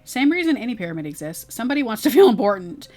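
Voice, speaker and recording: A woman's voice: on the high side, very animated, rapid-fire, darkish tone, soft background music. A woman voicing a smug, evasive guard at an exclusive club, answering questions in a dry, offhand way. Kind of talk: reading game dialogue aloud.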